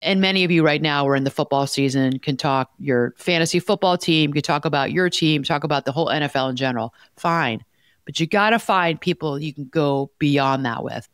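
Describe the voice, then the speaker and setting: A woman's voice: sits low, fairly quick, no room sound. Emphatic woman coach, dry close sound. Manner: animated storyteller, emphatic and direct. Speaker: life coach and co-host. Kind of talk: podcast advice talk.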